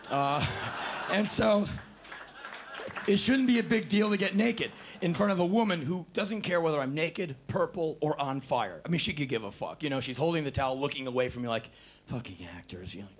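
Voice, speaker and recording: Profane, animated man telling stories on stage. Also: on the high side, moderate pace, slight background noise. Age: 30s. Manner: animated, profane, acts out quotes in shifting voices. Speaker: spoken word performer. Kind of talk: spoken word storytelling on stage. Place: live theater stage.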